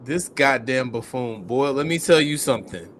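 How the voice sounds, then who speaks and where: A man's voice: medium pitch, expressive, normal speed, fairly bright tone, slight background noise. A man hosting a podcast, ranting in heated, profane, incredulous commentary. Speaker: podcast host.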